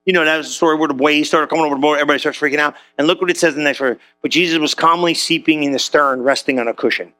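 A man preaching a sermon in a church, animated and conversational, with casual slang and questions thrown to the crowd. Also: fairly high pitch, rapid-fire, hardly any pauses. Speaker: pastor.

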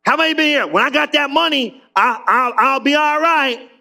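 A man preaching an energetic sermon, conversational and full of slang, acting out quick voices, swinging between loud bursts and low drawn-out lines, and asking the congregation questions. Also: creaky. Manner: casual slang, asks the room questions. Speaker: pastor.

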